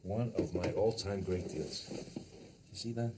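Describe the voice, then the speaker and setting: An actor playing a crude, boastful tycoon who talks over everyone, in a satirical comedy film. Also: male voice, deep voice, takes it slowly, background noise. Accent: New York. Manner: boastful, interrupts, bossy, rambling.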